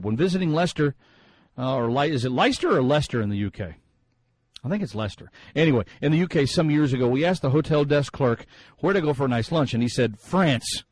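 A man's voice: on the high side, no echo, rough recording. A man hosting a sports talk radio show, musing in a chatty way with many fillers and restarts.

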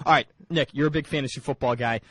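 A man's voice: medium pitch, quick pace, fairly bright tone, breathy edge, dry recording. A man hosting a casual sports radio show from a studio, upbeat, with many fillers. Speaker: radio host.

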